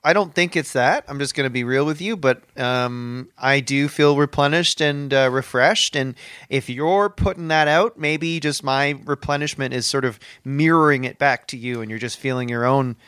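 A man's voice: mid-range voice, moderate pace, fairly bright tone, clear, resonant tone, no echo, studio quality. A man co-hosting a comedy podcast in a laid-back, self-assured and offhand way. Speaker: podcast co-host. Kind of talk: deadpan comedic podcast banter.

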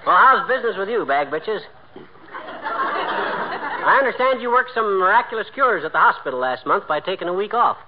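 A bragging, blustering husband in an old radio comedy, his voice pitched a bit high. The recording is dull and full of loud hiss, like a worn radio transcription. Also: lively intonation, brisk, long pauses, a loud crowd. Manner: bragging, teasing banter. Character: boastful blustering middle-aged husband. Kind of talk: 1940s radio comedy acting.

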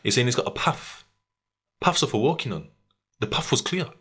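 Animated young man. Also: medium pitch, normal speed, breathy edge. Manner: animated, slangy, laughs often, acts out quotes. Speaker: podcast host. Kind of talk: casual storytelling chat.

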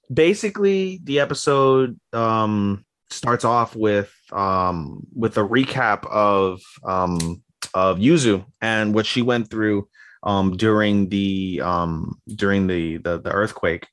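A man's voice: on the low side, a bit bright, no room sound. A man co-hosting a podcast, rambling through a casual recap with lots of fillers and casual swearing. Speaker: podcast co-host.

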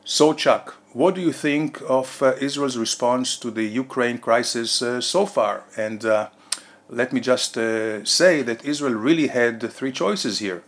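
A man speaks in a deliberate, methodical way, setting out numbered choices and questions. He fills his pauses with frequent "uh"s. His pitch sits at an ordinary middle level. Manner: deliberate, heavy on "uh" fillers, lists points in order. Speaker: podcast co-host, former diplomat. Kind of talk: analytical podcast discussion.

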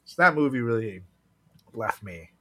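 A man's voice: medium pitch, very animated, moderate pace, crowd noise. A man co-hosting a casual podcast chat, joking crudely and laughing often. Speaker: podcast co-host.

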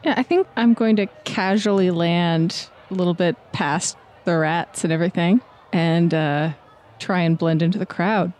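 A woman's voice: fairly low pitch, moderate pace, darkish tone. A woman playing a tabletop game, answering in short replies and giggling. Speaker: player. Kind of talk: describing her character's actions.

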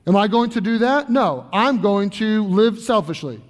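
High-voiced preaching man in a reverberant church. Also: animated, normal speed. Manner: earnest, conversational preaching with many restarts. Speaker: pastor. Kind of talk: sermon. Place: church sanctuary.

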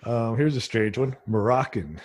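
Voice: mid-range voice, animated, moderate pace, darkish tone. An interviewer asking a guest short, easygoing questions in a casual chat.

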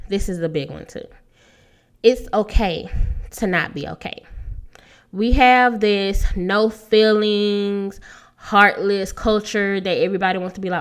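A woman's voice: medium pitch, a bit bright. A thirty-year-old woman hosting a solo podcast, talking in a casual, earnest way and laughing often. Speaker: podcast host.

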